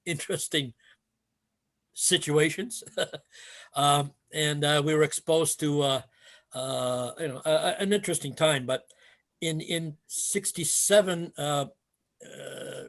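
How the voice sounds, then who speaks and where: A man's voice: a little high, fairly bright tone. An older man, a retired martial arts instructor, telling stories in a rambling casual way with many fillers and restarts. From Canada. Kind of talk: casual storytelling interview.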